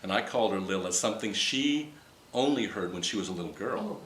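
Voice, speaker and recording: A man telling a personal story to a group in casual, animated style, rambling with restarts and acting out the dialogue he quotes. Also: lowish voice, fairly quick, a little hiss or hum. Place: meeting room with a live audience. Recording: roomy hall with faint ambience.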